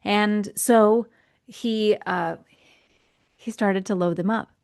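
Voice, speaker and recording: A woman hosting a podcast, telling a personal story in a casual, animated way and acting out the voices in it. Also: mid-range voice, takes it slowly, vocal fry. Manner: animated, acts out quoted voices, laughs often. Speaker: podcast host.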